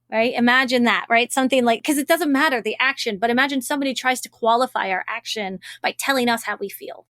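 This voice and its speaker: Woman coach, slightly high voice, affirming and encouraging, dry close sound. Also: normal speed, fairly bright tone, dry recording. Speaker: relationship coach, host. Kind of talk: coaching conversation.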